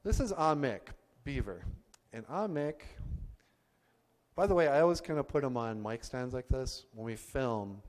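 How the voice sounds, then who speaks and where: A man's voice: medium pitch, animated, a little slow, darkish tone, big-room sound. A man, a puppeteer and comedian, chatting and rambling while he introduces his puppets on stage. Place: on stage in an arts venue.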